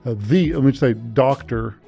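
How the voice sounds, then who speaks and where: A man's voice: medium pitch, moderate pace, creaky, warm tone, soft background music. Upbeat rambling male podcast host. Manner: upbeat, rambling, self-correcting. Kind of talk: casual podcast chat. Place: studio.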